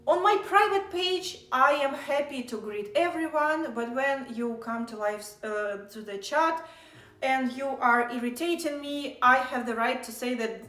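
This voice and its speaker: Woman streamer, blunt and irritated, slightly high voice, roomy echo. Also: unhurried, a bit bright. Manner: blunt, irritated, lecturing chat. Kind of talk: casual live stream chat.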